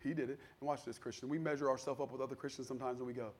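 A man preaching a sermon in a conversational style, acting out the people in his stories and building to loud, fervent peaks. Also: mid-range voice, flat delivery, racing. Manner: conversational preaching, acts out quoted voices, builds to shouting. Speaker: pastor.

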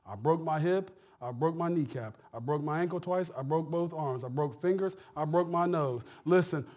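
A middle-aged man preaching a sermon as pastor, in a folksy, conversational way, repeating phrases and swinging between hushed and loud. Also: a little high, normal speed.

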